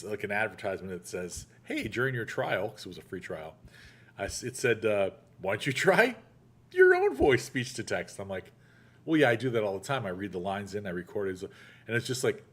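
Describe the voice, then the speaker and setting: A man hosting a casual chat show, telling a story in a lively way and acting out the voices he quotes. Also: lowish voice, a little hiss or hum. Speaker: podcast host.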